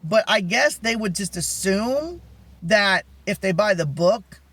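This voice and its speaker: A man with a soft, feminine-sounding voice telling a rambling story in a casual vlog chat. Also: high-pitched, measured pace, a little hiss or hum. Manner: rambling, animated storytelling with many asides. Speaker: vlogger.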